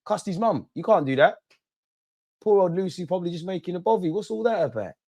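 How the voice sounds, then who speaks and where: A young man doing a live football watch-along, shouting at players and the referee in slangy banter. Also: high voice, animated, fairly quick.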